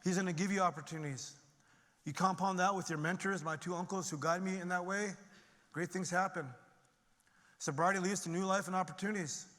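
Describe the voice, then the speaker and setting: A man's voice: steady tone, a little fast, fairly bright tone. Earnest man speaking in a big echoing hall. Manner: earnest and emphatic, climbing in pitch and volume when stirred. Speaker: conference speaker. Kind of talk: personal recovery testimony to an audience. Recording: long reverb of a large hall.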